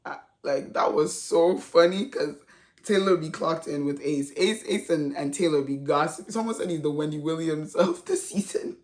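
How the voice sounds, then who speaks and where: Chatting casually with plenty of slang and frequent laughter, a vlogger recaps reality TV. The voice is mid-range and the pace moderate.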